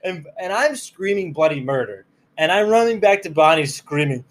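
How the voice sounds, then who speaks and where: A man telling a story in casual chat, animated and laughing as he acts out the scenes. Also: on the high side, normal speed.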